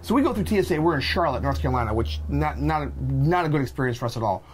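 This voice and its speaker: A man co-hosting a podcast, retelling a bad travel day in an animated, exasperated way and acting out the people in it. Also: fairly high pitch, very fast, slight background noise. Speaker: podcast co-host. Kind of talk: casual storytelling.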